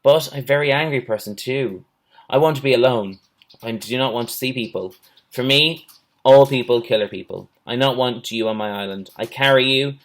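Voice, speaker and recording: A man's voice: medium pitch, normal speed, close to an everyday voice. A man reading a storybook aloud, voicing an old, wary male island hermit who speaks in clipped, broken English. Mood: earnest. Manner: clipped broken English, plain short phrases.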